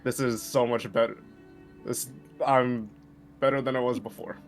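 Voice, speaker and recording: A man's voice: medium pitch, level tone, moderate pace, soft background music. A man playing a tabletop game, flustered and swearing as he searches through his character sheet. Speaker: player. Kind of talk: casual game chat.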